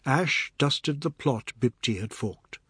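A man narrating a novel in a measured, steady storytelling manner. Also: medium pitch, breathy edge, dry recording, clean studio sound. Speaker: audiobook narrator. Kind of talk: scripted narration.

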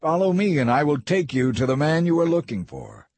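A man reading the lines of a calm, commanding old prophet in a scripture story. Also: a little high, brisk, creaky, slightly rough, dry recording, voice pushed up, full character voice.

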